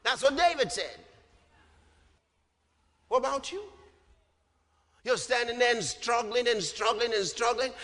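A man preaching a sermon emphatically, often rising to shouts and dropping low on repeated refrains. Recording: long hall reverb.

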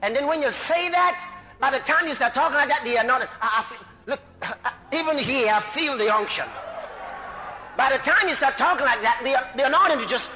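Fervent high-voiced male preacher. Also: long reverb tail. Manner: fervent, shouting exclamations, quick laughs, acts out scripture voices. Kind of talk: sermon. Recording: muffled lo-fi recording with faint music.

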